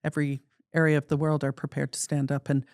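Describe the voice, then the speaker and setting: A podcast host asking thoughtful questions and affirming the guest in a measured way. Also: mid-range voice, little pitch movement, darkish tone, no echo, studio quality. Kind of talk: conversational interview.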